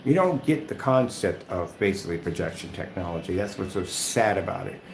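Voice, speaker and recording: A man's voice: deep voice, animated, a little fast, creaky, a little hiss or hum. Combative man ranting in an echoey room. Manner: combative, trash-talking, repetitive. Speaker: screen paint maker and vlogger. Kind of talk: off-the-cuff ranting vlog.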